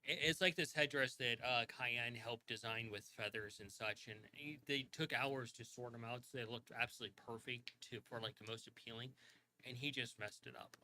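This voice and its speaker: Gm guy narrating the scene, bright voice, rambly. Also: medium pitch, fairly even intonation, normal speed, a little hiss or hum, rough recording. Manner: rambling, full of fillers and restarts. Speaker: game master. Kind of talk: narrating a tabletop game.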